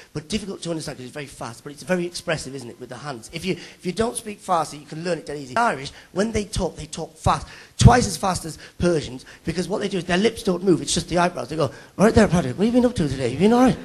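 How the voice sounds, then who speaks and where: A man's voice: on the high side, lively intonation, quick pace, few pauses, breathy edge. A young man from Middlesbrough, doing a live stand-up set on stage and bantering teasingly with the audience. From Middlesbrough, England. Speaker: stand-up comedian. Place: stage at a live awards show.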